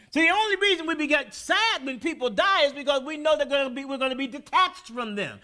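High bright-voiced pastor preaching in church, gets loud and shouty at the peaks. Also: male voice, animated, fast talker, few pauses. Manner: preaching with rising, shouted peaks and call-and-response. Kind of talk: sermon. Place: church sanctuary.

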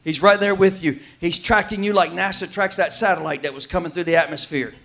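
A male pastor preaching a sermon in a folksy, emphatic way, shouting at the peaks and dropping quiet elsewhere. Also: high voice, fairly quick.

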